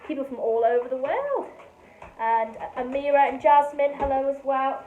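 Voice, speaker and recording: A woman's voice: high-pitched, lively intonation, normal speed, phone-quality sound. A friendly woman co-hosting a live painting lesson, reading out viewer messages and handling the camera. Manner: friendly, practical, runs the camera and chat. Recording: echoey room with faint noise.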